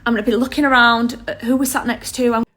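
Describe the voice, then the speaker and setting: A woman's voice: a little high, fairly even intonation, quick pace, a bit bright. Tearful woman pleading on a vlog. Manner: earnest, pleading, apologetic. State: close to tears. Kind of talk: emotional vlog to camera.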